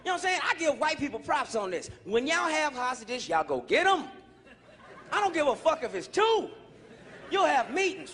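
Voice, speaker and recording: A male stand-up comedian on stage, profane and animated, shouting his punchlines. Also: very high-pitched, moderate pace. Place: comedy stage before a live audience. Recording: live show with loud crowd laughter.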